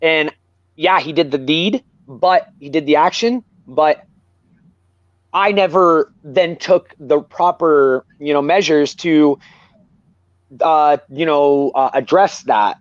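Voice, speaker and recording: A man's voice: on the high side, slow pace, no room sound, muffled recording. A man talking candidly and earnestly as a guest, rambling and repeating himself. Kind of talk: candid personal talk.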